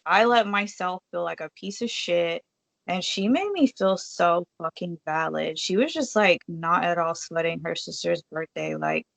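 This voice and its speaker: A vlogger recounts something that happened to her, her voice on the low side with vocal fry and a fairly bright tone, recorded with no room sound. She talks casually, leans heavily on fillers, and acts out what she told others.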